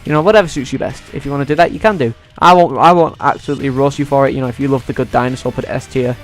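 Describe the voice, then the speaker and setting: A man ranking movies in a casual vlog, excitable and swearing freely. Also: medium pitch, very fast, soft background music. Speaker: YouTuber.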